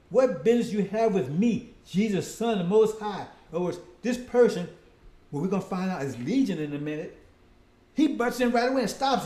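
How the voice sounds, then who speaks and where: In an echoey, roomy recording, a male preacher delivers a repetitive, meandering sermon, calling out to his "brothers and sisters" and checking in with "see?" and "right?" His pitch sits high for a man, though his tone stays mellow and dark.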